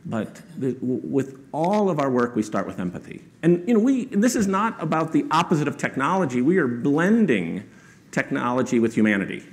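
A male author speaking as a guest tells an anecdote to a live audience. His somewhat high voice rises and falls a lot. He lifts it further when he quotes others. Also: brisk, hardly any pauses. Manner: animated, quotes people in raised voices; conversational with frequent rhetorical "right?".

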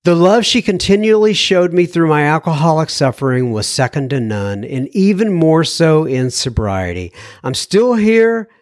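A man's voice: a little high, very animated, moderate pace, no room sound, clean studio sound. A man hosting a podcast, reading listener messages aloud in a casual, chatty way, thinking aloud with fillers and self-corrections.

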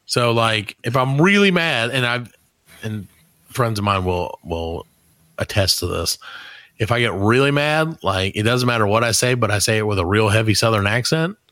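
A man hosting a comedy podcast, trading profane jokes in loose banter. His bright voice swings widely in pitch, and the sound is close and dry with no room. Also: moderate pace, no echo. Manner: joking, profane, animated. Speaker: podcast host.

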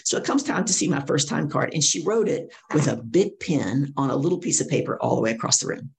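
Gravelly middle-aged woman, coach telling stories in an interview, does all the voices. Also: low voice, fast talker. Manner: animated storyteller acting out quoted voices. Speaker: guest speaker and coach. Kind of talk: storytelling interview.

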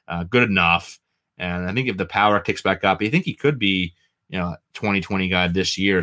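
A man with a New England accent co-hosting a baseball podcast, rattling off stats in casual, rambling chat. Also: low-pitched. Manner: animated, stat-heavy, rambling with fillers. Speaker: fantasy baseball podcast co-host.

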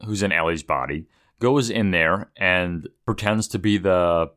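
A man co-hosting a podcast, retelling movie scenes in a loose, halting way. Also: sits low, a bit bright. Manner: loose and halting, with many fillers and restarts, retells scenes in voices. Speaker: podcast co-host. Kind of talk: casual movie review chat.

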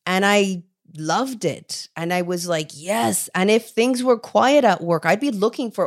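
Expressive woman in her forties, Canadian. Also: mid-range voice, measured pace. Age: 40s. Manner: expressive, acts out quoted dialogue. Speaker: ADHD coach, guest. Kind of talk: candid interview storytelling.

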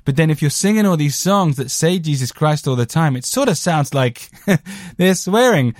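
A man's voice: on the high side, lively intonation, normal speed, dry recording, studio quality. A man hosting a podcast, chatting casually about a record in a rambling, jokey way with crude asides. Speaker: podcast host reviewing a record. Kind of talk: casual chat.

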